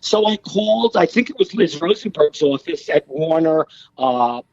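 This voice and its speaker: A man's voice: fairly high pitch, moderate pace, highs cut off. A middle-aged American man, a podcast guest, telling stories casually and acting out the voices of the people in them. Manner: animated, acts out quoted voices. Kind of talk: casual storytelling.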